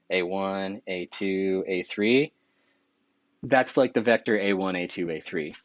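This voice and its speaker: A man with a low voice walks through a math lecture in an easygoing, conversational way, sometimes stopping to correct himself. The sound is dry and close, with no room echo. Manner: relaxed and conversational, with small self-corrections.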